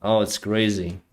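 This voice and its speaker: A man's voice: on the low side, darkish tone. A man hosting a live stream, telling stories in a loose, rambling way with many fillers. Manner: rambling, with frequent fillers and acted-out quotes. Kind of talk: casual live-stream storytelling.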